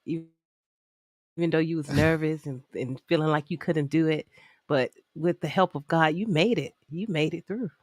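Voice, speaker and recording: A woman's voice: low voice, moderate pace, a little mellow, no room sound, studio quality. A woman co-hosting a podcast in casual chat, encouraging and speaking of faith.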